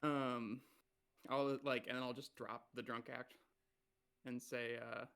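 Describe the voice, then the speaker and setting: A man's voice: medium pitch, flat delivery, slow, vocal fry, pauses often, a bit bright, clear, resonant tone. A man playing a tabletop game, asking tentative questions. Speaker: player.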